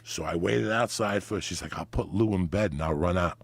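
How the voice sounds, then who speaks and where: A man's voice: deep voice, a little fast, creaky, husky, no room sound. A man, telling a crude, rambling story as a podcast guest. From New Jersey. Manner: crude, rambling anecdotes with vivid asides. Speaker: guest comedian. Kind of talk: profane storytelling.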